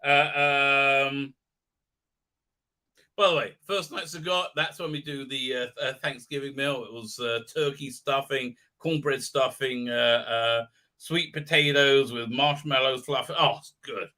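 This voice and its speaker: A man's voice: medium pitch, fairly even intonation, a little slow, pushed and bright. A man hosting a live stream, chatting casually in a rambling, sarcastic and self-mockingly grumpy way, swearing freely.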